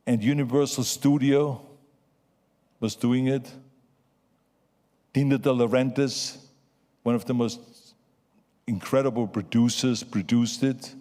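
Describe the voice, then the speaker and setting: Speaking slowly with long pauses, a septuagenarian man with a foreign accent makes an emphatic, inspiring acceptance speech and repeats his main phrases. His voice is mid-range, dark and steady in tone. Long hall reverb surrounds it.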